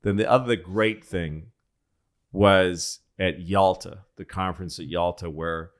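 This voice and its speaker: A comedian telling a rambling, profane history story on a casual podcast, with frequent restarts and asides. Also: male voice, low-pitched, fairly even intonation, measured pace. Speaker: comedian guest.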